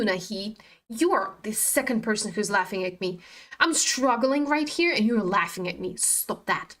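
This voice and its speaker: A woman's voice: mid-range voice, normal speed, a bit bright. A woman hosting a trading livestream, talking frankly and profanely about being tired while she chats with viewers. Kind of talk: casual live-stream commentary.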